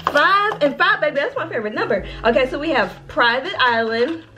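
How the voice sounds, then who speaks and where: A bubbly, excitable woman chatting straight to her viewers while unboxing in a casual vlog, recorded indoors. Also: high-pitched, brisk, a little hiss or hum. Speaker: beauty vlogger.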